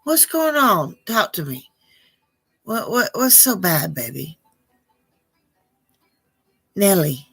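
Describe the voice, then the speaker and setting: A woman's voice: medium pitch, sing-song, slow, long pauses, a bit bright, breathy edge, soft background music. A woman hosting a live psychic Q&A stream, chatting casually with viewers and calling them baby. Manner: affectionate, calls viewers baby, struggles over names.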